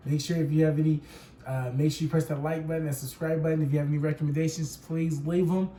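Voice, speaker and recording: A man's voice: on the high side, little pitch movement, fast talker, mellow. A man hosting a reaction channel, talking in a casual, rambling, profane way full of slang and checking in with the listener. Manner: slangy, rambling, profane, keeps asking "you know what I'm saying". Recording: roomy echo with faint noise.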